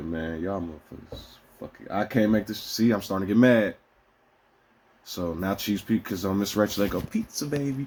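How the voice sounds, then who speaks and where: A man rants casually to his viewers, swearing often and drifting from topic to topic. His voice sits a little on the low side. He moves between hot, loud stretches and quiet, subdued musing. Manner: profane, rambling, shifts from heated to subdued. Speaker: vlogger. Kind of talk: casual rant to camera.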